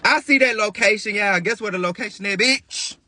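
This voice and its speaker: A man telling a dramatic storytime to viewers, animated and profane, talking straight to his audience. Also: high-pitched, a little fast. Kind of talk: storytime vlog addressing viewers.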